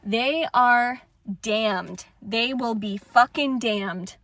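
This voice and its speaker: Fiery swearing woman, bright tense voice. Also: on the high side, extremely slow, no room sound. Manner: fierce, swearing, swings between shouting and hushed calm. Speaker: spiritual vlogger. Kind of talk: impassioned personal monologue.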